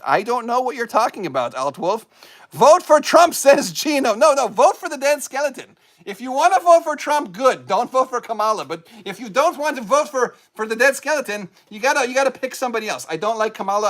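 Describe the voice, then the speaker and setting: A man voicing a goofy high-pitched skeleton host. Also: a bit bright. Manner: rambling, jokey, self-mocking. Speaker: live-stream host. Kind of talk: live-stream chat with viewers.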